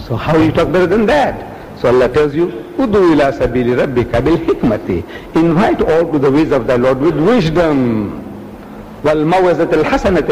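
A man's voice: a little high, darkish tone, a little hiss or hum. Guy preaching an islamic talk, bouncy up-and-down voice, big echoey hall. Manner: storytelling with acted quotes and rhetorical questions. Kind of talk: public religious lecture. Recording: echoey hall, faint ambience.

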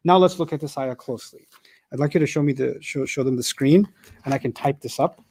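A man's voice: medium pitch, a little fast, darkish tone, slightly rough. A man teaching a live class, explaining step by step and asking the room rhetorical questions, with joking asides.

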